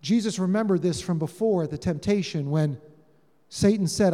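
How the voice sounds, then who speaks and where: A man with a fairly high voice preaches a sermon, telling the story with real animation and acting out each line of dialogue. His voice rings out in a hall with a long reverb tail. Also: moderate pace, dark tone. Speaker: pastor.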